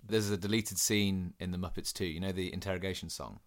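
A man's voice: deep voice, fairly even intonation, a little fast. A man co-hosting a casual chat, telling stories and making dry jokes.

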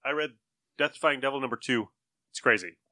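A man with a bright voice talks about a comic in a loose, excitable way. He piles up words for effect and curses casually. The recording is dry and close, with no room sound. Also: mid-range voice, brisk, no echo. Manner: excitable, profane, jumps between words. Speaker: comic book podcast co-host. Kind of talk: casual chat.

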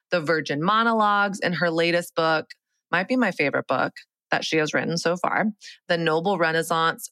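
A woman's voice: fairly low pitch, pushed and bright, no room sound. A woman hosting a podcast, upbeat and chatty, laughing often. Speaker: podcast host. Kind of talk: casual podcast chat.

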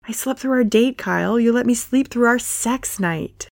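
A woman voicing a bubbly, easily flustered young woman who gushes, her voice pitched up in a romance story. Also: normal speed, gravelly, no echo, clean studio sound. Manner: gushing, giggly delivery.

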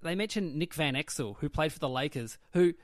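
A man's voice: a little high, expressive, a little fast, no room sound, studio quality. A man, a comedian telling rambling anecdotes in casual podcast chat. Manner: chatty anecdotal storyteller, lots of likes. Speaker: guest comedian.

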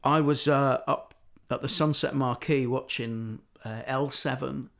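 A man's voice: mid-range voice, fairly even intonation, a little slow, creaky, fairly bright tone. A middle-aged man telling anecdotes in casual chat, acting out the voices of people he quotes.

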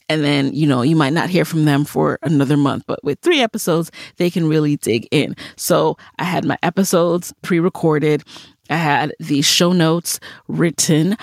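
Male podcast host, gravelly, dry close mic, chatty advice. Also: on the high side, no echo. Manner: conversational, upbeat, practical. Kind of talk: solo podcast advice talk.

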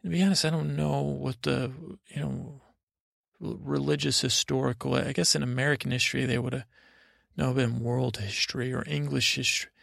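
A middle-aged man hosting a bedtime podcast, rambling slowly through a meandering story with many fillers and restarts. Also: mid-range voice, steady tone, vocal fry, a bit bright, dry recording, clean studio sound. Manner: slow and unhurried. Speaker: podcast host.

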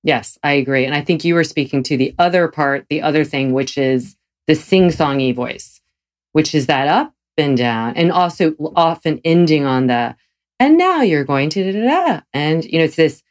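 Woman, very low voice, agreeable, explanatory, chatty. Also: moderate pace. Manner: agreeable, explanatory, talks on with fillers. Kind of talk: conversational podcast talk.

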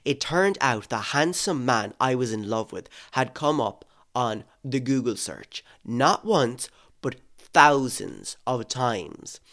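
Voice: medium pitch, fairly bright tone. Someone reading a first-person true story aloud, with sarcastic asides and swearing between passages. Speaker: story reader.

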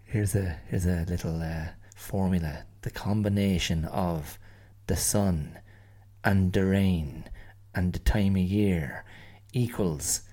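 A man's voice: deep voice, mellow. A middle-aged Irish man hosting a solo podcast, musing in a rambling, wry way and often restarting his phrases. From Ireland. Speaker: podcast host.

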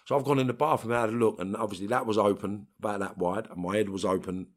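A man's voice: fairly low pitch, fairly even intonation, fast talker. A middle-aged man with a London accent, telling blunt streetwise stories as an interview guest. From England. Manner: blunt streetwise storytelling, swearing, acts out voices in quotes. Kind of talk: storytelling in an interview.

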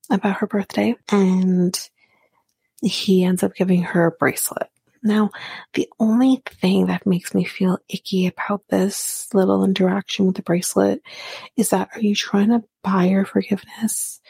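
Woman podcaster, husky gravelly voice, slow flat delivery, chatty and blunt. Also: mid-range voice, no room sound. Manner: chatty, opinionated, swears freely, frequent ums. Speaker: podcast host recapping a reality show. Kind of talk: casual podcast recap and ad read.

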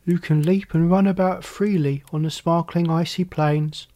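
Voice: medium pitch, steady tone, moderate pace, mellow, close to an everyday voice. A storyteller voicing a proud male reindeer in a storybook reading, speaking in a plain, earnest way.

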